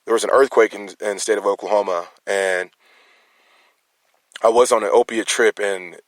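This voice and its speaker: A man's voice: on the low side, steady tone, normal speed, dry recording. Man rambling with stammered restarts. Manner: confrontational, challenging listeners. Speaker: concerned citizen. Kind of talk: emotional personal monologue.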